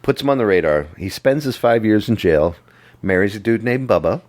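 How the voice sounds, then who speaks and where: A man with a very low voice, talking casually on a movie podcast. He meanders through the story and makes fun of himself as he goes. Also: lively intonation, a little mellow. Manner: rambling, self-mocking recap with quick jokes. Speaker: podcast co-host.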